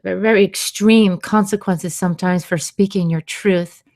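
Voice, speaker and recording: A woman hosting a radio show on sound healing, talking gently and unhurriedly, with soft laughs and quiet asides. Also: mid-range voice, steady tone, normal speed, dry recording, studio quality. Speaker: radio show host and vocal sound healer. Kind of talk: slow, soothing radio talk.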